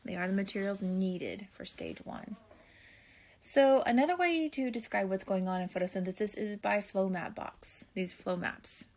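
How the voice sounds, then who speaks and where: A woman teacher at an average pitch goes through her notes for a video lesson. She talks slowly and deliberately and thinks aloud as she writes. She speaks to her students in a friendly way. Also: very animated, darkish tone. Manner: slow, deliberate, thinking aloud while writing; friendly, addresses students directly.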